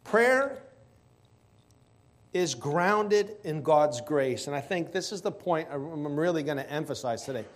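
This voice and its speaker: A man preaching a sermon, stressing key words slowly and asking rhetorical questions. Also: fairly high pitch, animated.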